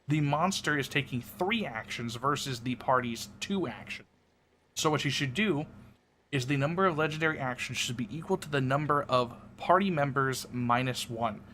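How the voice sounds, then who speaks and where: Bright-voiced male streamer. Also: mid-range voice, slight background noise. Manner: blunt, swears, clears throat often. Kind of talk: casual livestream explanation of game rules.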